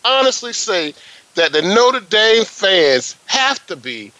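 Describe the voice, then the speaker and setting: A man's voice: high-pitched, sing-song, slow pace, bright, forceful tone, no echo, poor audio. A male sports radio host in a studio, chatting in an upbeat way and often dropping in "man". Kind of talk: casual sports radio talk.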